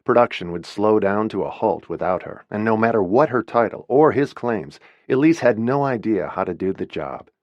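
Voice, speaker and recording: A man narrates a novel with expressive, story-driven reading. His voice sits low and moves a lot in pitch, and the recording is dry and close, with no room sound. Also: moderate pace, hardly any pauses, dry recording, dull audio. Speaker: audiobook narrator.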